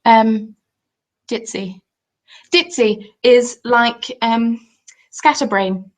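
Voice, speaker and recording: Speaking very slowly in a higher-pitched voice, a young craft YouTuber chats cheerfully on a home live stream. She rambles unscripted, drifts off mid-thought and starts again, repeatedly stopping to read and reply to chat comments.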